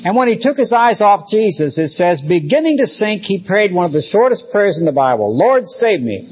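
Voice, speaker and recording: A man teaching as a pastor, reading scripture and retelling it in a lively storytelling way. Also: high voice, brisk, a little hiss or hum, poor audio. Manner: storytelling, animated, with quoted voices. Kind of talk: Bible teaching.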